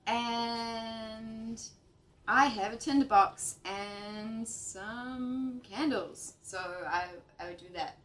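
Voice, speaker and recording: A woman's voice: a little high, very slow, fairly bright tone. A woman playing a tabletop game, speaking in a casual, matter-of-fact way. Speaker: player.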